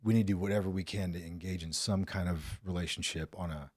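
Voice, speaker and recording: A man hosting a podcast, talking in a relaxed, conversational way and laughing easily. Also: deep voice, fast talker. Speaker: podcast host. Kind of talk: casual conversation.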